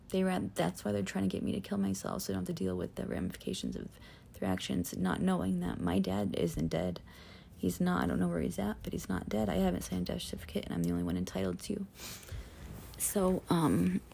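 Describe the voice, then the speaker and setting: Low gravelly woman rambling on, upset and swearing, bit of background hiss. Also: mellow. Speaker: vlogger telling her own story. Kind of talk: personal monologue to camera.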